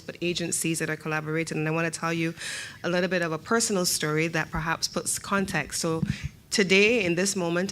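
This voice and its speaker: A woman's voice: deep voice, a bit bright, slight background noise. Barbadian woman giving a formal speech. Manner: measured, emphatic, rhetorical questions. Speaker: government minister.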